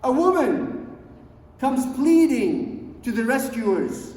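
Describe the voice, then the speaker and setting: A man preaching a sermon, swinging between hushed low lines and loud emphatic ones, and reciting verses quickly in a chanting tone. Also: very animated. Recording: echoey hall, voice far from mic.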